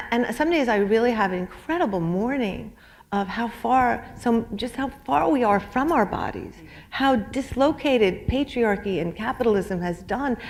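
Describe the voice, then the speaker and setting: A middle-aged woman author on a library stage, talking about her illness haltingly with many restarts, then reading from her memoir. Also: mid-range voice. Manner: halting, repeats words when speaking freely.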